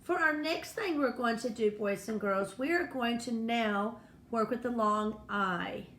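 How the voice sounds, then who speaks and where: Woman teacher, slightly high voice, slow deliberate pace, echoey room, faint background noise. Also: fairly bright tone. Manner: slow, patient, encouraging teacher talk to young children. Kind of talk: first-grade phonics lesson.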